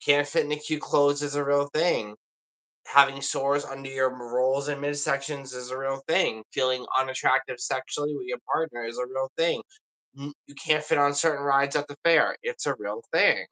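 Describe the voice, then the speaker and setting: A man's voice: medium pitch, steady tone, moderate pace, sharp tone, rough recording. A man chatting casually on a livestream, rambling and confiding in an emotional way.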